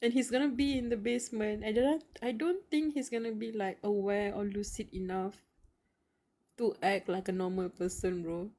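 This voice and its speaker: A woman's voice: medium pitch, fairly even intonation, moderate pace, warm tone. A young woman reading a web novel aloud on a live stream, sighing and laughing nervously between lines, slangy and emotional, breathing close into the mic. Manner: slangy, calls viewers bro and dude. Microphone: close mic, audible breathing.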